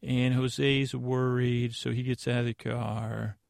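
A man hosting a podcast, giving a rambling, deadpan comedic recap of an episode with lots of fillers and restarts. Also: mid-range voice, slow, creaky, no room sound, studio quality. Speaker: podcast host.

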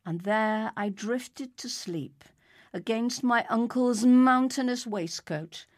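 A woman narrating a story in a lyrical, expressive reading. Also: on the high side, takes it slowly, no echo.

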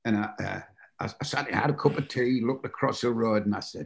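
A Geordie man from the North East of England, a guest telling stories with animated delivery and putting on other people's voices. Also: medium pitch, fast talker, vocal fry. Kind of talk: anecdotal storytelling.

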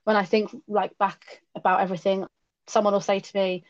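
A woman in her late thirties talks openly as a podcast guest, reflective and frank with a self-mocking streak. Her voice sits at an ordinary middle pitch. The audio is a little dull and lo-fi, as from a remote call. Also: level tone, a little fast. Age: late 30s. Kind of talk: candid personal conversation.

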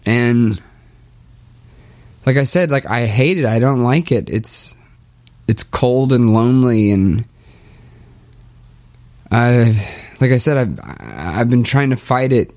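Slow, halting young man, low in spirits. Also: expressive, a little mellow. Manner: halting, hesitant, full of restarts. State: low and dejected. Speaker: podcaster documenting his spiritual journey. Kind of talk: confessional monologue.

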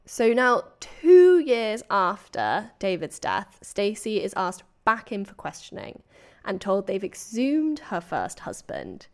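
A woman narrating a true crime case to a friend in casual chat. She tells it with energy and slips into voices for the people in the story. Her pitch sits in the middle. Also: slow pace. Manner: animated storytelling with acted quotes and laughter. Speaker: podcast host telling a true crime story.

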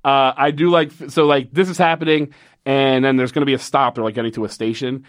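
A man's voice: mid-range voice, fairly even intonation, fairly quick, no room sound, clean studio sound. A man casually recapping a TV episode with a co-host, swearing often and mocking the characters.

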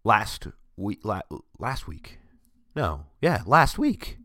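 A man with a very low voice, worn and strained from a cold, chats casually into his desk mic. He rambles and jokes at his own expense with dry sarcasm. The sound is close and dead, with no room echo. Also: sing-song, takes it slowly, sharp tone. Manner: sarcastic, rambling, self-mocking. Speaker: vlogger. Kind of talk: casual chat.

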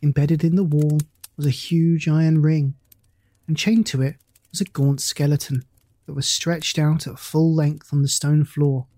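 A mellow, warm-toned reader telling an old ghost story in a steady, measured way. The sound is close and dry, with no room around it. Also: mid-range voice, no echo. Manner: measured, even storytelling delivery. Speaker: audiobook narrator. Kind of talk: scripted narration of a classic ghost story.

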